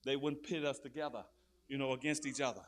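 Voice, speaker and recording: A man preaching a fiery sermon, swinging from low murmurs to loud shouted peaks and calling out questions to his listeners. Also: steady tone, fast. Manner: calls out to the crowd with repeated questions.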